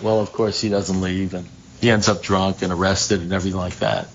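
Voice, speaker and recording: A man's voice: low voice, fairly even intonation, fairly quick. A man speaking at a recovery meeting, telling a story in a loose, conversational way, with wry asides and restarts, acting out other people's lines. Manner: acts out quoted dialogue. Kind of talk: storytelling talk to a live group. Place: meeting room at a recovery group. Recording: dull lo-fi room recording, faint noise.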